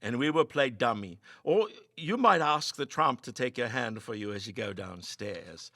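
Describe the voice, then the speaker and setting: A man's voice: mid-range voice, lively intonation, moderate pace, no echo, studio quality. A man reading a ghost story aloud, voicing a brash young man who teases and jeers at his friends. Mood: mocking. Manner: loud, teasing, jeering. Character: mocking brash young man, bold ringleader.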